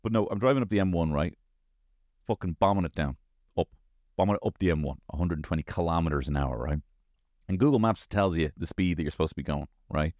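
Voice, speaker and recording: A man with a Dublin Irish accent, in his thirties, hosting a show with an animated, swearing comic monologue full of tag questions. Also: sits low, fast talker, no room sound, lo-fi sound.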